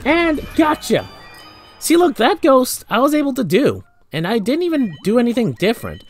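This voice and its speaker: A man's voice: extremely high pitch, huge pitch swings, brisk, a little mellow, soft background music. Rambling young man narrating gameplay. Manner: rambling, joking, many fillers. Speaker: gameplay commentator. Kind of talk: casual let's play commentary.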